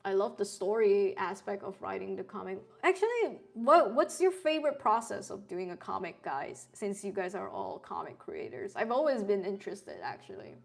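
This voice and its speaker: A woman's voice: mid-range voice, big pitch swings, moderate pace, gravelly, hardly any pauses. A woman in her thirties, streaming and chatting casually with her viewers and laughing often. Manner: chatty, laughs often, reads chat aloud. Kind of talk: casual live-stream chat.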